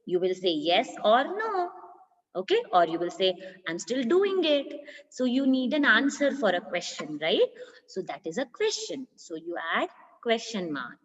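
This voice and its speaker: A woman teacher with an Indian English accent explaining punctuation in a primary school grammar lesson, slow and patient, often asking if the class follows. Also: mid-range voice, big pitch swings. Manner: slow, patient, asks for agreement. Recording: dull lo-fi sound with long reverb.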